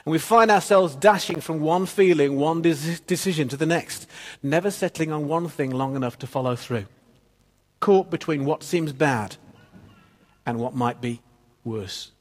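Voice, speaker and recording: A man preaching a sermon. He tells stories and drops quietly at the ends of phrases. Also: fairly high pitch, moderate pace. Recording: long reverb of a church hall.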